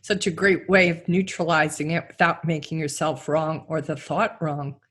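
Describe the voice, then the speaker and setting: A woman's voice: low-pitched, flat delivery, moderate pace, fairly bright tone. A woman hosting a podcast interview, chatting casually and affirming her guest. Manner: encouraging, affirming. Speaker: podcast host and coach.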